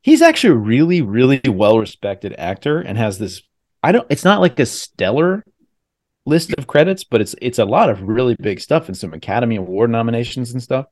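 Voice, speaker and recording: A man hosts a relaxed podcast chat. His pitch rises and falls a lot as he teases his guests. He talks loosely and casually. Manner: animated, quick to tease. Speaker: podcast host.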